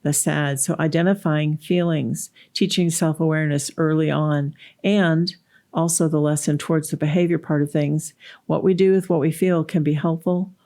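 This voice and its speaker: Woman podcast host, calm explanatory storytelling, gravelly voice, reflective teaching talk. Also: low voice, moderate pace.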